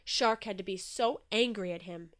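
A woman narrating a children's storybook with a gentle, expressive reading. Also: medium pitch, moderate pace.

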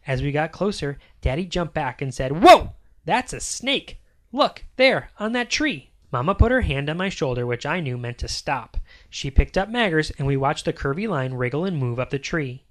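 A reader narrating a children's story aloud in an expressive, sing-song way. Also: medium pitch, fairly quick.

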